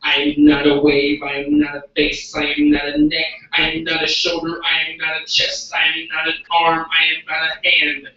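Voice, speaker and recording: A man's voice: fairly high pitch, monotone, normal speed, few pauses. A man, hosting an open mic and performing a chanted spoken word poem at a live event. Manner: hyped, loud shouting between chants. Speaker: open mic host and poet. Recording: echoey room, distant mic, muffled.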